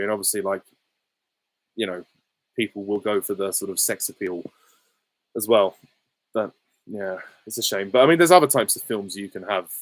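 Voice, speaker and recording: A man's voice: fairly low pitch, no echo, low-quality recording. A man chatting casually while he answers viewer questions, rambling with many fillers and restarts. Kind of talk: casual livestream Q&A chat.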